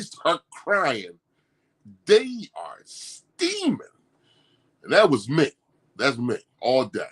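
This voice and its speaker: Guy hosting a morning podcast, aave, kinda high voice, laughing and repeating stuff. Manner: animated, laughing, slangy, repeats himself. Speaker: podcast host. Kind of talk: casual morning show chat.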